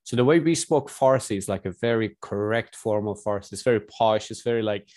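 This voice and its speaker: A man's voice: lowish voice, fairly quick, darkish tone, dry recording. A young man from Iran chatting casually, rambling and joking, often breaking off mid-sentence. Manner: rambling, self-interrupting, joking. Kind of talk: casual chat.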